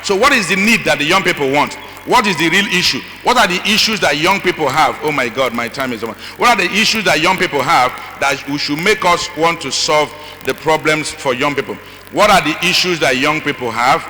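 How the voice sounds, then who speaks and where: Middle-aged guy preaching at a conference, bright tense voice, long hall echo, faint hiss behind. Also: on the high side, a little fast. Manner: animated, acts out quoted voices, frequent asides to the audience. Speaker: conference speaker.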